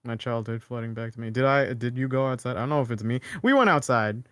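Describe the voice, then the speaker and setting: A man's voice: mid-range voice, expressive, fast, fairly bright tone, clean tone, dry recording. A young man chatting casually as co-host, rambling with lots of fillers and restarts. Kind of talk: casual chat.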